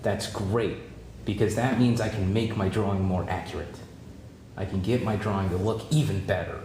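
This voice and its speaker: A man teaching a drawing demonstration, relaxed and encouraging, thinking aloud as he draws and repeating key points. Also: fairly low pitch, normal speed. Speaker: art teacher. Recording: roomy with faint background noise.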